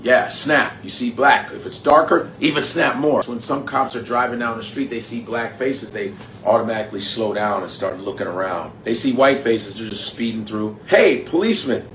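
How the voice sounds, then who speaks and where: A man telling a story in a casual, profane rant, animated and blunt. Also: fairly low pitch, normal speed. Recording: roomy with faint background noise.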